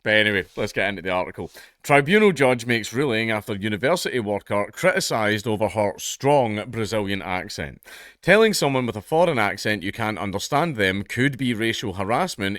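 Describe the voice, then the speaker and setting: A man's voice: lowish voice, fairly bright tone, dry recording, studio quality. A man in his thirties with a Scottish accent, ranting sardonically through casual commentary and swearing freely.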